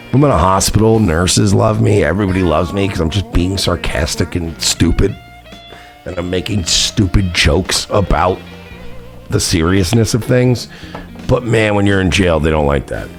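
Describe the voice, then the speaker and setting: A man telling a personal story in a casual, rambling, profane way, often waving details off with "blah, blah". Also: low-pitched. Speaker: vlogger.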